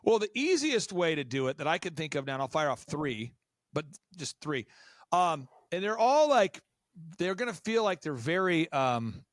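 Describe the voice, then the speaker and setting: A man as a podcast guest, talking business in an energetic, rapid-fire sales pitch. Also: no room sound, clean studio sound. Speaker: guest entrepreneur. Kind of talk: podcast interview.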